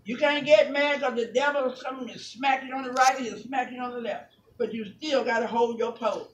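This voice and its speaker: High-voiced woman preaching in echoey church. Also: steady tone, a little fast, recorded from a distance. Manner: builds from quiet talk to shouted, sung preaching. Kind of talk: Pentecostal sermon. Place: church sanctuary. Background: organ playing.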